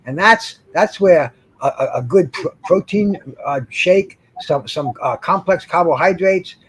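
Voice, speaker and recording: A man's voice: high voice, measured pace, breathy edge, low-quality recording. A man speaking as a panelist in a casual group chat over a video call, who often repeats words and restarts his sentences. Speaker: guest panelist.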